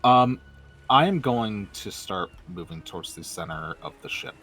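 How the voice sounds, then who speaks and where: Deep voiced guy at a tabletop game, kinda stammery. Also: expressive, a little slow, fairly bright tone, husky. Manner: hesitant, stammers and repeats words. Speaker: player. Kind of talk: casual tabletop game chat.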